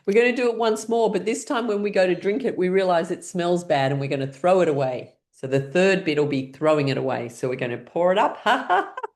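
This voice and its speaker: A woman leading a guided laughter exercise class over a video call, encouraging everyone and breaking into deliberate laughs. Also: lowish voice, darkish tone. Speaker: laughter yoga leader.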